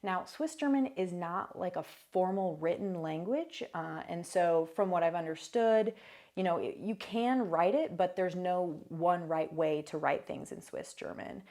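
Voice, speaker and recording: Chatty young woman vlogging, lowish voice. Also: measured pace, warm tone. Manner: chatty, many fillers and asides. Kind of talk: casual vlog talk. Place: new apartment.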